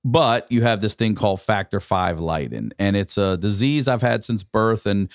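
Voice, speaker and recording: A man's voice: fairly low pitch, moderate pace, no echo, studio quality. A man in his forties, a podcast host, telling a long profane story in casual chat. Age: 40s. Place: podcast studio.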